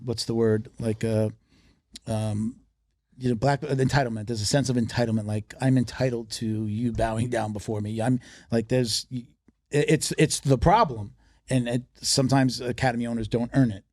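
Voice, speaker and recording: A man's voice: medium pitch, steady tone, moderate pace, darkish tone, no echo, studio quality. A man who is a martial arts marketing expert, talking casually as a podcast guest and telling stories with emphasis and many restarts.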